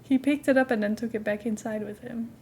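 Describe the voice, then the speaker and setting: A young adult woman streaming a game from home, chatting in a rambling, casual way and cooing softly at her cat now and then. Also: on the high side, fairly even intonation, brisk, a little hiss or hum. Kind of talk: casual live-stream chat while gaming.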